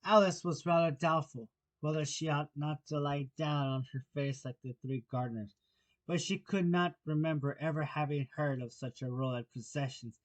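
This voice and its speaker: A man with a shrill voice narrating an audiobook of a storybook, with occasional slips and restarts. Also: steady tone, moderate pace.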